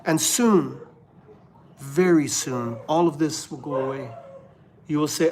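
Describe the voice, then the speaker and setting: A man's voice: a little high, takes it slowly, pauses often, a crowd in the background. Preachy Canadian man on a livestream. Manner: preachy, swings from fervent to hushed murmur. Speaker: livestream host. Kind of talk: religious livestream commentary.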